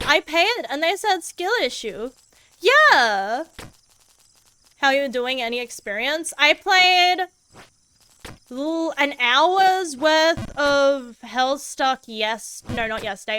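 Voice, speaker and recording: A woman's voice: sits high, pushed and bright, no echo, poor audio. A woman streaming a game as a VTuber, chatting casually in a goofy, laid-back way and swearing freely.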